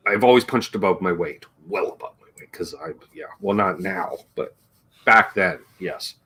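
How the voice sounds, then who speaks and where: A man's voice: deep voice, moderate pace, bright, forceful tone, husky. A man hosting a casual livestream chat, rambling and joking and reading viewer comments aloud as he talks. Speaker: livestream host.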